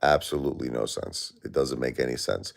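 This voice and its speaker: A man's voice: a bass voice, a little fast, gravelly. A grieving man hosting a live stream, talking in an aggrieved, plaintive, repetitive way and answering chat. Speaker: livestream host.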